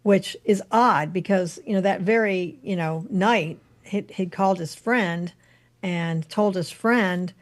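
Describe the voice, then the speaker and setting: A woman's voice: lowish voice, takes it slowly. A woman UFO investigator chatting as an interview guest, musing aloud with frequent restarts. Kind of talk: casual interview chat.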